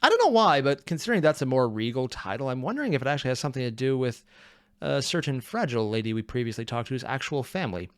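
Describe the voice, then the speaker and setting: Reaction host, man, wry and chatty, dry close sound, mid pitch. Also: big pitch swings, quick pace, no echo. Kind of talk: casual reaction commentary.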